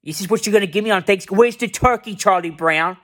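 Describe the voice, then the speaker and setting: A man voicing a furious, bossy young cartoon girl who yells rapid repeated questions. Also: high-pitched, voice pushed up. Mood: outraged.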